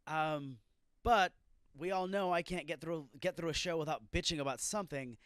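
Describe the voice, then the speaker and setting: A man's voice: fairly high pitch, moderate pace, a bit bright, clear, resonant tone, no echo, studio quality. A man hosting a solo wrestling review podcast, ranting and swearing as he reacts to a show. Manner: profane, ranting, irritated outbursts. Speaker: podcast host.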